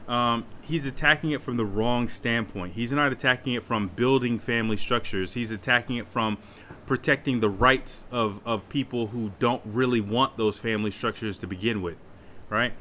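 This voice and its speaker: A man's voice: medium pitch, normal speed, bright, forceful tone, slight background noise. A young man giving blunt, profane casual commentary, often repeating phrases as he picks his words. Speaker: commentator reacting to a livestream.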